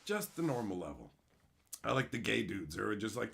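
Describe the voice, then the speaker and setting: Animated, foul-mouthed man ranting. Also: fairly low pitch, a little fast, gravelly. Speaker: card-opening show host. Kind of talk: casual livestream chat.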